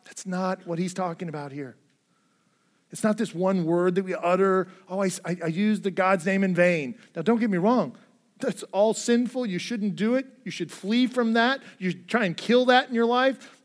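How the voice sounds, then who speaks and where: Male pastor, high-pitched, earnest sermon delivery shifting from hushed to emphatic. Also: moderate pace. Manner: earnest preaching, swinging between hushed and emphatic.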